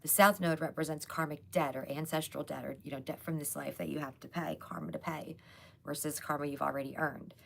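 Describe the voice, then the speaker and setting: A woman hosting a casual live tarot reading, chatty and loose with lots of fillers, hoarse as she loses her voice. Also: sits low, steady tone, fairly quick. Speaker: psychic tarot reader hosting a live stream.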